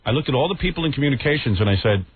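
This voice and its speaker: A man's voice: mid-range voice, animated, racing. A man with a slight New York accent hosting a radio show, bantering bluntly and sarcastically. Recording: tinny phone-like radio audio, faint hiss.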